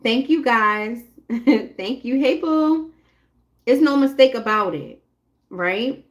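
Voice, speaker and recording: Chatty woman doing a live tarot reading, blunt, curses a lot, voice sits a bit high. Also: lively intonation, slow pace, lo-fi sound. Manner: blunt, chatty, talks straight to viewers with cursing. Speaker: tarot reader.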